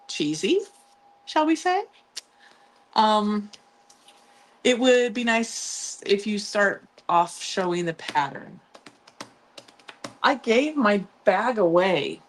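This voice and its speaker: A woman hosting a casual live sewing tutorial, chatty and upbeat, with frequent ums and playful asides to her viewers. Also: medium pitch. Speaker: sewing channel host.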